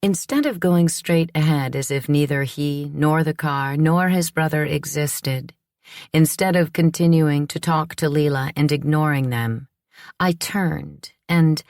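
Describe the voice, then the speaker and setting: A woman reads a first-person audiobook in a measured, reflective way. Her voice sits low for a woman, and the recording is dry and close with no room sound. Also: darkish tone, no echo. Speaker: audiobook narrator. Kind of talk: scripted first-person narration.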